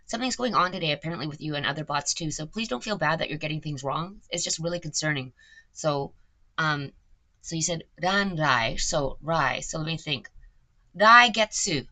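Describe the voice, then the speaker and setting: A woman's voice: low-pitched, pushed and bright. A young adult woman chatting casually, rambling and swearing a lot with many fillers. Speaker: content creator. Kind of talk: casual chat.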